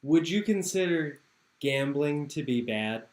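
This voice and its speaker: A man's voice: on the high side, measured pace. A man running a tabletop game as game master, laughing often. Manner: laughing often, relaxed with fillers. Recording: echoey room.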